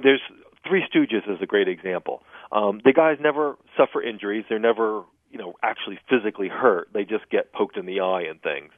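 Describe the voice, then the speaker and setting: A man being interviewed as a humor expert, explaining jokes in an animated way and laughing at his own punchlines, heard over a phone line. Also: medium pitch, no echo. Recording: dry, tinny phone line.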